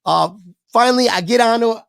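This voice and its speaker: Gravelly man telling a rowdy story. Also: very high-pitched, a little fast, no echo. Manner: animated, swearing, acts out quoted voices. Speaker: podcast guest. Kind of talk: casual storytelling on a podcast.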